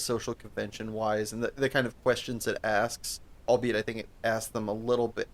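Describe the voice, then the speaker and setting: A man co-hosting a podcast, talking casually about a movie, rambling with restarts and plenty of swearing. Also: mid-range voice. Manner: rambling, profane, restarts often. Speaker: podcast co-host. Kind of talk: casual chat.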